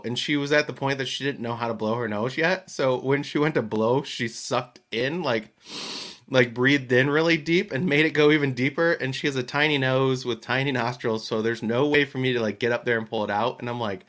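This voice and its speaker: Man telling an animated anecdote. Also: medium pitch, brisk. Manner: animated storyteller, laughs often. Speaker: podcast co-host. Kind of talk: casual chat.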